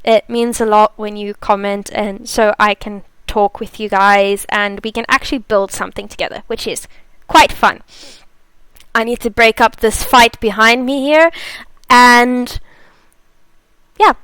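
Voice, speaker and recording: A woman's voice: fairly high pitch, fairly even intonation, measured pace, fairly bright tone, clean tone, no room sound. A woman from South Africa hosting a live stream, chatting casually, laughing and reading out viewer comments. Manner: chatty, laughs often, reads chat aloud.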